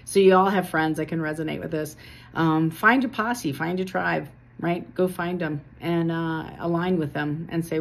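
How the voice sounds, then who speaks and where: A woman's voice: sits low, fairly even intonation, normal speed, vocal fry. A woman giving a casual tarot reading to camera, earnest and chatty, with a self-deprecating touch. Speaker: tarot reader.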